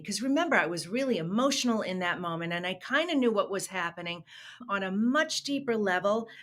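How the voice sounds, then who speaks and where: A woman's voice: medium pitch, fairly bright tone. Woman podcast guest, a coach, sharing her journey in an earnest, emphatic way. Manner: earnest and emphatic, with shifting pace. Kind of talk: personal storytelling interview.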